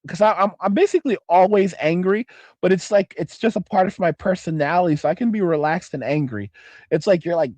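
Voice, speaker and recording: A man's voice: high-pitched, darkish tone, dry recording. A man in his forties hosting a casual livestream, reading viewer comments and rambling with lots of swearing and restarts. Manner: profane, rambling, self-interrupting. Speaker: livestream host.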